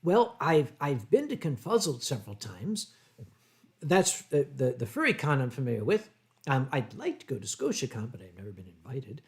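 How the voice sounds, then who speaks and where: An older American man hosting a livestream, answering viewer chat in a rambling way with deadpan humor. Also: medium pitch, normal speed. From United States. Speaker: livestream host.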